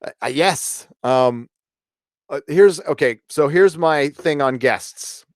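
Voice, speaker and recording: A man's voice: fairly high pitch, takes it slowly, no room sound, clean studio sound. A middle-aged man hosting a casual live stream, reading chat aloud in a rambling way full of fillers and restarts. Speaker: livestream host reading chat.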